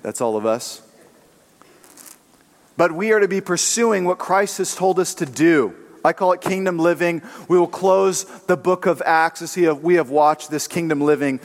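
A man preaching a sermon as pastor, telling jokes and acting out the voices in his stories. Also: fairly high pitch. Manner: jokey storytelling preacher, acts out quoted voices. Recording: long hall reverb.

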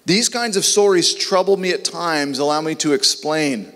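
A man's voice: fairly high pitch, moderate pace, hardly any pauses, a bit bright. Earnest preacher man, echoing hall. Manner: earnest, acts out biblical dialogue in voices. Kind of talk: sermon. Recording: long reverb.

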